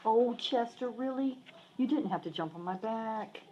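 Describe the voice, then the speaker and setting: A woman's voice: on the high side, moderate pace, darkish tone, lo-fi sound, slight background noise. A woman showing viewers around a cat sanctuary in a casual filmed tour, talking to the cats in cooing baby talk. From from the southern United States. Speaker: cat sanctuary worker giving a shelter tour.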